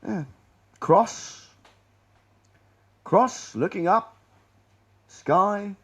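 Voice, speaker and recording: A man giving a public presentation in a lecture room, rambling and sardonic, often trailing off quietly. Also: high voice, very slow, breathy edge, dull audio.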